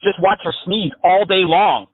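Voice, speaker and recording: A man making a prank phone call, mocking the person on the line with rambling, absurd pitches. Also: moderate pace. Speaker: scam-baiting prank caller.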